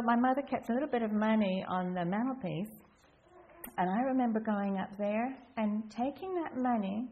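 An older woman with a fairly high voice, reminiscing in a loose, wandering way and often backing up to correct herself. Her voice comes through thin and phone-like, with a faint hiss underneath. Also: a little mellow. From England (Essex). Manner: rambling, self-correcting, reflective. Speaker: storyteller. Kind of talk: casual reminiscing monologue.

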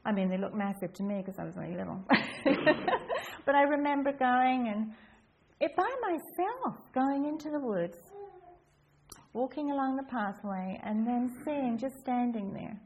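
An older woman with a fairly high voice, reminiscing in a loose, wandering way and often backing up to correct herself. Her voice comes through thin and phone-like, with a faint hiss underneath. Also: animated, a little slow. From England (Essex). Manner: rambling, self-correcting, reflective. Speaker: storyteller. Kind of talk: casual reminiscing monologue.

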